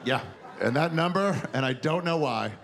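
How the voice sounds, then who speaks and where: A man in his forties doing a crude, animated stand-up comedy set on a theater stage, acting out characters as he tells stories. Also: a little high, normal speed. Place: theater stage before a live audience. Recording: noisy live room with audience laughter.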